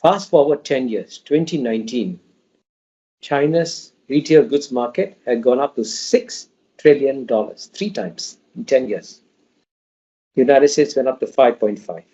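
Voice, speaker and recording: A man answering interview questions in an emphatic, lecturing manner, with frequent restarts as he builds his point. His voice is mellow and somewhat dark. The audio sounds dull and lo-fi. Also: mid-range voice, a little slow. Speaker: interview guest.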